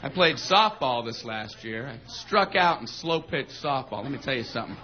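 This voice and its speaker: A man doing a stand-up comedy routine, telling stories in an animated way and acting out shouted voices. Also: mid-range voice, normal speed. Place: comedy stage before a live audience. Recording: dull lo-fi live recording with audience laughter and noise.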